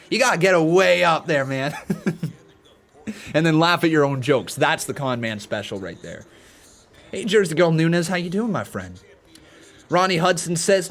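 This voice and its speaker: A man's voice: fairly high pitch, fairly bright tone. A man hosting a casual live stream, reading out donations and chatting with viewers, laughing at his own jokes. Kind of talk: casual watch-along chat with live chat.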